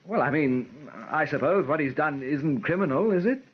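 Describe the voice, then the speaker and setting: A fretful young aristocrat. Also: male voice, fairly high pitch, expressive, moderate pace, husky, dull audio. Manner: wry, fretful, clipped. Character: anxious young aristocrat, fiancé, wry.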